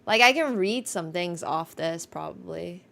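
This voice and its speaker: Young woman streamer, gravelly edge, loose rambling chat with fillers. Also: lowish voice, animated, measured pace, a bit bright. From Finland. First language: Finnish. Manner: chatty, rambling, many restarts and fillers. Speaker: chess streamer.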